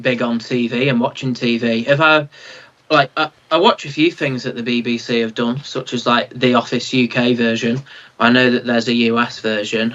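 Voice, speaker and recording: A man's voice: medium pitch, a bit bright. Young Mancunian man on muffled audio. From Manchester, England. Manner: plain-spoken, proud, frequent "like" fillers. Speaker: guest singer-songwriter. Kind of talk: casual interview.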